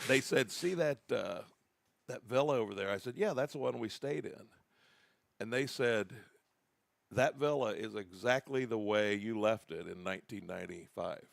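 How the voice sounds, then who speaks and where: A man's voice: lowish voice, normal speed, creaky, dry recording. A man co-hosting a podcast, telling long rambling anecdotes in casual chat. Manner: rambling anecdotal storytelling with restarts. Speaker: podcast co-host.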